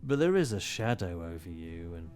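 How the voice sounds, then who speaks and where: A man runs a spooky tabletop game, his voice sitting low. He sets scenes slowly and descriptively, with soft music under him. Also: sing-song. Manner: descriptive, slow when setting a scene. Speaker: game master.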